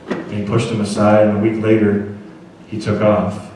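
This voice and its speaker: At a school assembly, a motivational speaker tells a story and earnestly asks the children to agree with him. His voice is lowish, darkish and monotone, at a moderate pace, with slight background noise. The sound comes from a distance in a strongly echoing hall.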